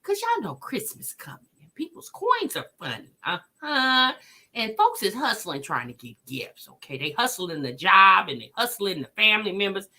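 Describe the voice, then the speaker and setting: A woman's voice: medium pitch, very animated, moderate pace, bright, forceful tone. A woman hosting a casual livestream, greeting viewers by name and chatting with sassy asides. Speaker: livestream host.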